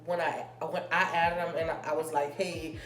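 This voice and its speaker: Chatty young woman with a low voice. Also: level tone, a bit bright. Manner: chatty, rambling, drawn-out fillers. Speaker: vlogger. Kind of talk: casual storytime chat. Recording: echoey room with faint music.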